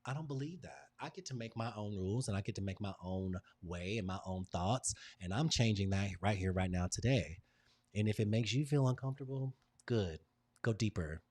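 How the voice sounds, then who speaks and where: A man hosting a live workshop, leading a group through emphatic, repetitive motivational affirmations with emotional pauses. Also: on the low side, darkish tone, no room sound. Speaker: host and design workshop leader.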